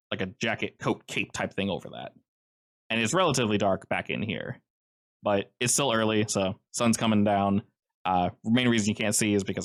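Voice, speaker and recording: A man running a tabletop role-playing game, describing the scene in a casual, rambling way with frequent fillers. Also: fairly low pitch. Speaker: game master.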